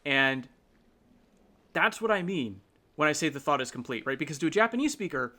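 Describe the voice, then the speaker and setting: A man's voice: fairly high pitch, expressive, brisk, sharp tone. A man hosting a casual explanatory talk, thinking aloud and often checking in with his listener. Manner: keeps checking in with tag questions; thinks aloud with restarts and fillers. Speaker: host.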